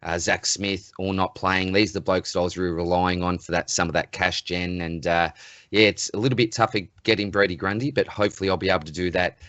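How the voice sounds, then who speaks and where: An Australian man with a very deep voice in easygoing podcast chat. The sound is dry and close, with dull lo-fi quality. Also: fairly even intonation, quick pace, fairly bright tone, no room sound. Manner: easygoing, chuckles often. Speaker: podcast co-host; school teacher. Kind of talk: casual chat. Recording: dry, muffled lo-fi audio.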